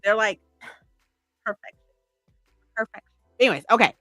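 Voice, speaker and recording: Gushing woman with a bright, close voice. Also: medium pitch, measured pace, no room sound, faint music behind. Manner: gushing, rambling, many "like"s and "right?". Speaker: streamer. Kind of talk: casual livestream chat.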